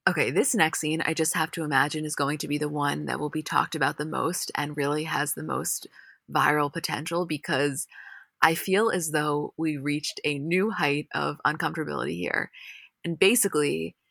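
Gravelly, bright-voiced woman recapping candidly. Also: sits low, moderate pace, dry recording, clean studio sound. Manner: candid, profane, animated retelling. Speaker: podcast co-host. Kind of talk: casual recap chat.

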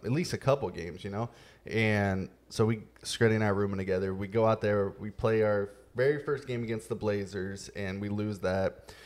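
A man hosting a podcast, telling a story in a relaxed, casual way with many fillers. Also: lowish voice. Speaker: podcast host. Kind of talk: casual chat.

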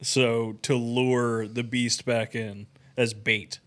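Young man, podcast co-host, casual chat, swears a lot, middle pitch. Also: flat delivery, slow. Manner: loose, swearing, filler-heavy.

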